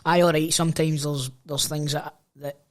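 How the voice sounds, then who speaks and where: A man's voice: on the high side, flat delivery, normal speed. A Scottish man co-hosting a podcast, chiming in with short teasing replies in casual banter. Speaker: podcast co-host.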